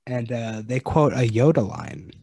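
A man co-hosts a film podcast in a relaxed, easygoing way and pads his points with "like" and "uh". His voice sits at a middle pitch. The sound is dry and close-miked. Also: a little slow, vocal fry, husky, dry recording. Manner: easygoing, hedging with "like". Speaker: podcast co-host. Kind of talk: casual movie discussion.

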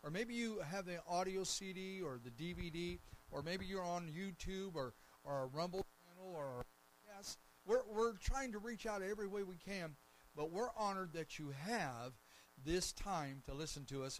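High-voiced preacher building to loud emphasis. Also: male voice, normal speed, a little hiss or hum, rough recording. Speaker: pastor. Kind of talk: sermon.

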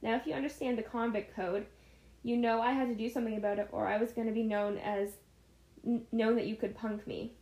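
A woman with a fairly high, dark-toned voice co-hosts a podcast, casually reading a story aloud at a slightly fast pace with fairly even intonation. She giggles and stumbles over words, and the room sounds echoey.

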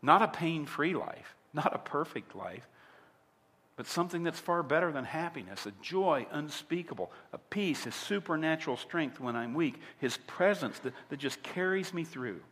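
A man's voice: a little high, expressive, moderate pace, fairly bright tone. Emphatic male pastor preaching in a hall. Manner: emphatic, asks the audience rhetorical questions. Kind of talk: sermon.

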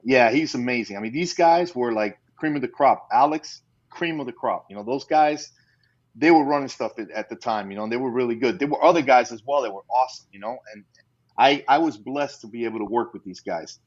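A man's voice: mid-range voice, fairly quick. A middle-aged man, a former undercover customs agent, telling stories in a casual interview with frequent "you know" asides and laughs. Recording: slightly dull lo-fi audio.

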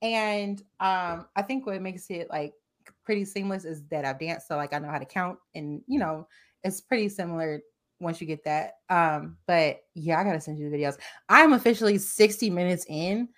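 Woman on a group chat podcast, kinda low voice, telling her own stories open and animated. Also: normal speed. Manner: candid, animated personal storytelling.

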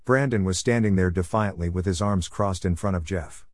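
A man reading a first-person story in a steady, even way. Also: deep voice, moderate pace, no echo, studio quality. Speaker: narrator.

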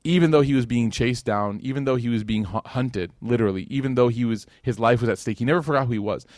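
Speaking fast with a mid-range, somewhat dark voice, a man delivers a casual religious talk, recorded dry with clean studio sound. Conversational in tone, he tells stories, acts out quoted lines, and scatters "like" and "right?" throughout.

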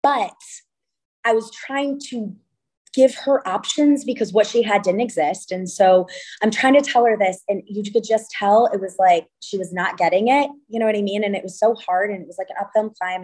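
A woman in her thirties from California, a venue owner and wedding designer, talking in a casual interview with chatty, animated storytelling. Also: medium pitch, brisk, rough recording.

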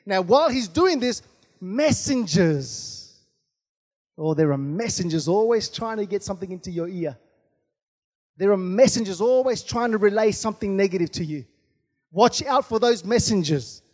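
A pastor preaching to his congregation, his very high voice ringing through a large church hall. He keeps stopping to call out amen and hallelujah, and the long reverb trails after each phrase. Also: expressive, moderate pace, a little mellow. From Australia. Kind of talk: sermon.

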